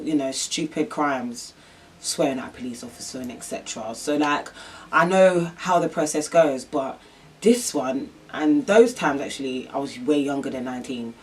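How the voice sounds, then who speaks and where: A woman's voice: low-pitched, recorded from a distance. A young woman telling a personal story in a vlog, rambling and emotional with lots of fillers. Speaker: vlogger.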